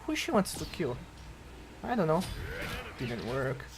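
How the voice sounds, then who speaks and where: A man talks through his gameplay in unhurried stretches that burst into excited yelling and swearing. His voice sits a little high and leaps all over the place. Loud game noise plays under him. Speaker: gameplay commentator. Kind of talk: let's-play commentary.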